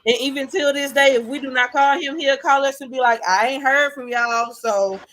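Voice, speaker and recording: A woman's voice: high voice, moderate pace, fairly bright tone, slight background noise. A woman talking about her father in a casual, heartfelt podcast chat, laughing often. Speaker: podcast guest.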